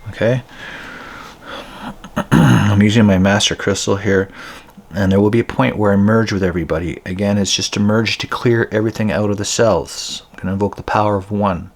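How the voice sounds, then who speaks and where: Low-voiced man leading a spiritual healing. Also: steady tone, gravelly. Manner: slow and deliberate, with repeated chanted phrases and frequent ums. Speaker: spiritual healer. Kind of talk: guided energy-healing session.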